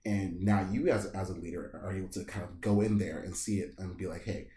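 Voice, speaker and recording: A man's voice: sits low, fairly quick, warm tone, roomy sound. A man in his late twenties hosting a podcast interview, easygoing and casual, often checking in with "right?". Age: late 20s. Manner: easygoing, frequent "mm-hmm" and "right?". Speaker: podcast host.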